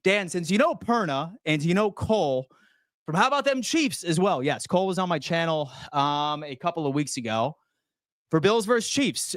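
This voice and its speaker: A man hosting a sports fan channel, ranting loudly and profanely while answering chat. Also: a little high, no echo, clean studio sound. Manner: loud, profane, fired-up ranting. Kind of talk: fan rant reading chat.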